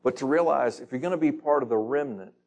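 A man's voice: medium pitch, fast talker, darkish tone. A man leading a Bible study, reading scripture aloud and putting questions to the group in a casual, conversational teaching manner.

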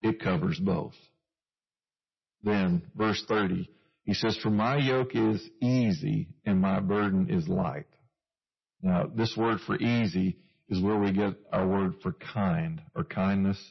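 Male preacher, husky gravelly voice, easygoing sermon, muffled lo-fi recording. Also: low voice, slow. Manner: conversational, with self-deprecating asides and chuckles.

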